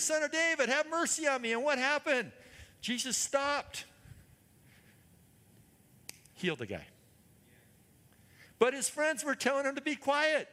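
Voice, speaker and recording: Man, guest preacher, high voice, bright tone, energetic, church hall reverb. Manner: energetic, calls to the congregation. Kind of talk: sermon.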